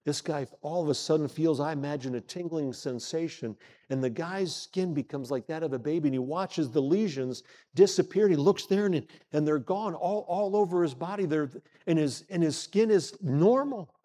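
A middle-aged man preaching a sermon, asking the congregation questions, pausing for effect and acting out short exchanges in the story. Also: a little high, mellow. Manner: preaching with rhetorical questions, dramatic pauses and retold dialogue. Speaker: pastor. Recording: long hall reverb.

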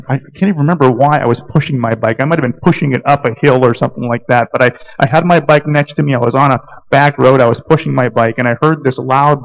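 Gravelly-voiced man preaching a sermon. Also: mid-range voice, rough recording. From Georgia, US. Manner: earnest storytelling with frequent fillers and restarts. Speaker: pastor.

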